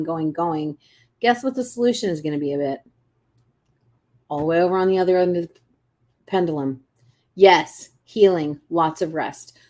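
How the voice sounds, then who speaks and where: A woman coaching viewers on a casual live stream, chatty and animated, acting out little inner voices, with frequent restarts and throat clearing. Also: lowish voice. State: clearing her throat often. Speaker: intuitive coach hosting a live reading.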